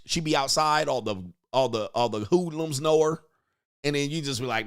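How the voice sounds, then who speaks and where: A man's voice: fairly high pitch, moderate pace, clear, resonant tone. A man hosting a casual reaction commentary, crude and joking, often mimicking other people's voices. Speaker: commentary show host.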